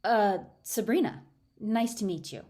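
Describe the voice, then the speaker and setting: A woman's voice: mid-range voice, unhurried, warm tone, voice pushed up, close to an everyday voice. Practical young woman, flustered, exasperated, a woman voicing her.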